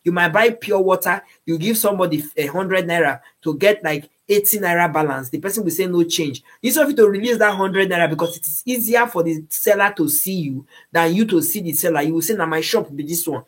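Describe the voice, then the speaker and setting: Nigerian woman, husky tone, preachy moral talk that drifts into Pidgin. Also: lowish voice, fast talker, hardly any pauses. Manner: slips into Nigerian Pidgin phrases; preachy, repeats words while searching. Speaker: speaker giving moral advice.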